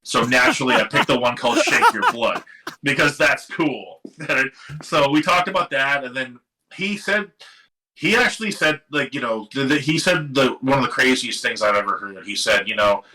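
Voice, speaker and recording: A middle-aged man from Seattle, a guest musician telling a long story in a casual, animated interview, swearing now and then and acting out what other people said. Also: medium pitch, moderate pace, low-quality recording. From Seattle area. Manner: animated, swearing, quotes others in lively voices. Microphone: live stream microphone.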